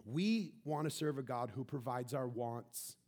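A man preaching a sermon, emphatic, rising loud then dropping soft. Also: medium pitch, unhurried. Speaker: pastor.

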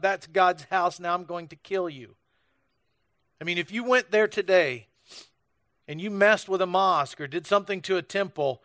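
Delivering a sermon, this American man, a pastor, tells stories in a casual, conversational style full of restarts. The recording has no room sound, and his slightly high voice has a fairly bright tone.

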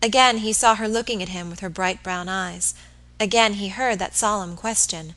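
Bright-voiced woman reading aloud. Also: mid-range voice, moderate pace, poor audio. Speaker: audiobook reader. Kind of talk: scripted narration.

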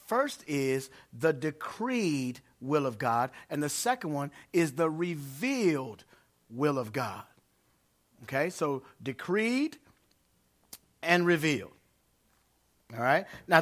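A male pastor delivers a sermon in a church, his voice pitched high and strikingly bright. He preaches with emphasis and grows loud when he reads scripture. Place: church before a congregation.

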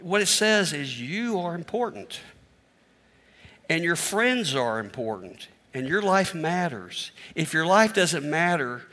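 A man's voice: fairly high pitch, very animated, takes it slowly, bright, forceful tone, long reverb tail. A middle-aged male pastor preaching a sermon in a candid, self-deprecating, conversational way.

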